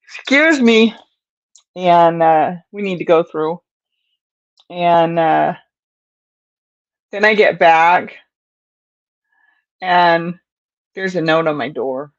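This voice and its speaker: A woman's voice: fairly low pitch, drawn-out words, pauses often, no room sound, lo-fi sound. An older woman hosting a crochet livestream, chatting in a rambling, casual way to viewers and often chuckling. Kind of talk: casual chat while crocheting.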